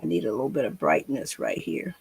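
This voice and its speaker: A woman's voice: a bass voice, animated, a little fast, a little mellow, husky. A woman, chatting folksily to viewers and herself while teaching a painting tutorial. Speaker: painting instructor.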